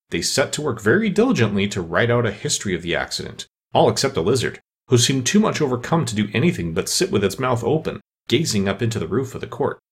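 A man narrating a storybook with expressive storytelling. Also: medium pitch, breathy edge. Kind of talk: audiobook narration.

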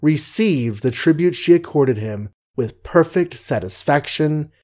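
A man narrating an old-fashioned novel, with wry, gently ironic asides to the listener. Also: on the high side, lively intonation, measured pace. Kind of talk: audiobook narration.

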